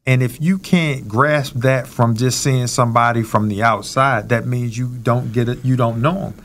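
A man's voice: medium pitch, steady tone, normal speed, a bit bright, a little hiss or hum. A man hosting a casual discussion, earnest and preacherly, building his points with rhetorical questions.

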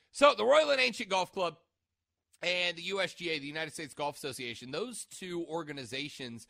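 Male sports radio host, bright and a touch high, chatty and rambling, dry close mic. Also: no room sound. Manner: chatty, rambling, stops mid-sentence to check notes. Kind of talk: casual sports radio chat. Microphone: studio microphone.

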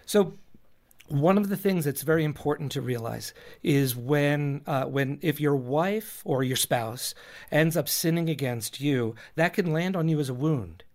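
A man's voice: a little high, unhurried, a little mellow. A man, a pastor and podcast guest, earnestly explaining with everyday examples and repeating words as he thinks. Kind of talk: earnest advice in a recorded talk.

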